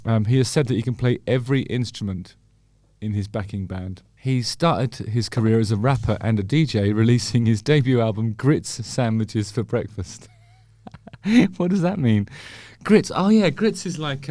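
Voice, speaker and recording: An English man talks through a new song in a loose, chatty way, tossing in wry jokes as he goes. His voice sits at an ordinary middle pitch. The sound is dry and close, with no room around it. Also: warm tone, no room sound. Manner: wry, chatty, with joking asides. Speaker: music video host. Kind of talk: casual commentary on a song.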